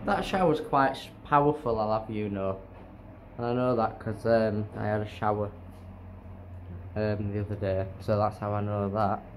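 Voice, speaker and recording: A man's voice: lowish voice, moderate pace, a little hiss or hum. Chatty rambling man vlogging from a hotel room. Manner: chatty and rambling, with many fillers and asides. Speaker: travel vlogger. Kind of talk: casual vlog chat to camera.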